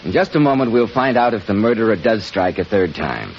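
A man announcing a vintage radio commercial in a chummy sales pitch. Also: big pitch swings, fairly quick. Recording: muffled old radio broadcast with faint music.

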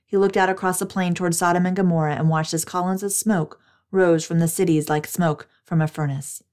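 A woman narrates scripture in a steady, measured reading. Her voice sits lowish and even.

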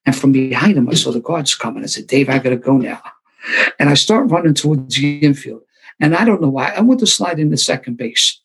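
An older man shares his story at a recovery meeting. His voice is gravelly and slightly husky, a touch higher than most men's. He tells it with dry, self-deprecating humor. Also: lively intonation, brisk. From Philadelphia.

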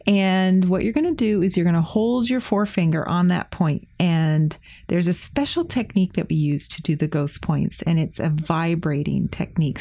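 A woman co-hosting a podcast, gently explaining a healing technique in casual chat and laughing easily. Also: on the low side, dry recording. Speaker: acupressure practitioner, co-host.

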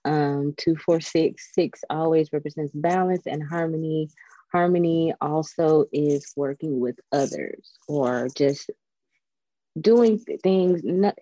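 A woman in a casual spiritual chat, telling stories in a chatty, animated, digressive way. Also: low-pitched, no room sound, dull audio. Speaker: spiritual guest.

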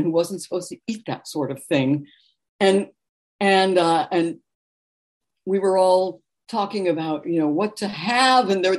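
Lively storytelling woman, slightly low voice. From New York, USA. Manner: animated anecdotal storytelling with laughter. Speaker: author and guest. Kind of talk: conversational interview storytelling.

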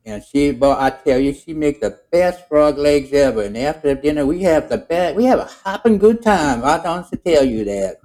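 A bossy frog who likes to run the show, put on by a man. He speaks higher than the man's natural voice, with a dark, mellow tone and folksy broken grammar. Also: animated, normal speed, few pauses, lightly acted. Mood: folksy, boastful.

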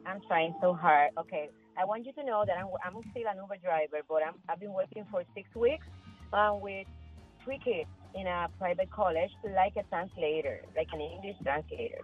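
A woman's voice: lowish voice, normal speed, phone-quality sound, soft background music. A woman from Puerto Rico with a Puerto Rican accent calling into a radio show, speaking careful, effortful English. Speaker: caller.

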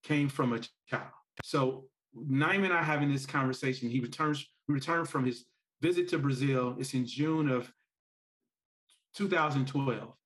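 A man's voice: mid-range voice, moderate pace. A man, a parent and author, telling stories as a podcast guest, acting out quoted lines and laughing often. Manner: animated storyteller who acts out quotes and laughs often. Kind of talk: podcast interview storytelling.

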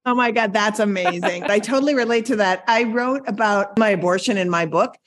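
Woman co-host, mid-pitched, frank and emphatic interviewer. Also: a little fast. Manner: frank, emphatic, swears casually. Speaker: podcast co-host. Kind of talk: casual podcast interview.

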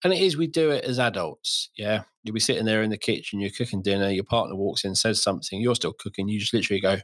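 A man's voice: lowish voice, fast talker, few pauses. A middle-aged man hosting a podcast, chatting casually and acting out little scenes as he tells stories. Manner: animated storytelling, acts out voices. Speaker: podcast host. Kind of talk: casual chat.

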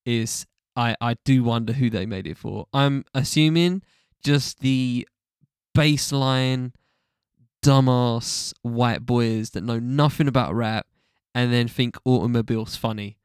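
A man co-hosts a relaxed music review podcast, speaking a little slowly in a medium pitch with a clean tone. He rambles with fillers, false starts and casual swearing, and the studio sound is clean with no room noise.

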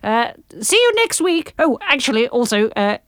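A woman's voice: on the high side, moderate pace, no echo, clean studio sound. A woman co-hosting a comedy podcast, reading a story aloud and bantering playfully. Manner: playful, expressive. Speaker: podcast co-host and reader.

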